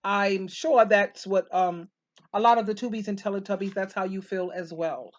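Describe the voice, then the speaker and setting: A woman's voice: mid-range voice, fairly even intonation, normal speed, dull audio. Woman co-host cheering on, quoting scripture. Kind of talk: casual chat with faith talk.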